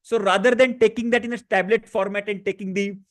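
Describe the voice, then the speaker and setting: A man guiding a live online stress-relief session, speaking gently with many fillers and restarts. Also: sits high, fairly even intonation, fairly quick. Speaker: stress-relief workshop facilitator. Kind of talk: guided tapping session on a live online class.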